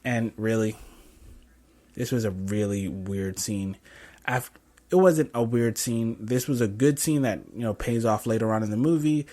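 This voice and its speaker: A man's voice: fairly low pitch, unhurried, warm tone. A young man casually reviewing a film scene by scene, rambling with lots of fillers and self-corrections. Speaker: podcast host reviewing a film.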